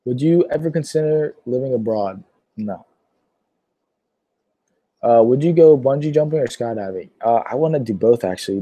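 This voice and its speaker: A man of about nineteen answering viewer questions on a casual livestream, rambling and filling pauses with lots of "uh"s. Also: medium pitch, dark tone, no echo. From Pittsburgh, Pennsylvania. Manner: rambling, filler-heavy, many "uh"s.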